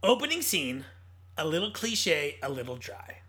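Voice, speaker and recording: A man's voice: a little high, very animated, normal speed, bright, forceful tone. A man hosting a film podcast in casual chat, opinionated and steering the talk with questions. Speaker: podcast host.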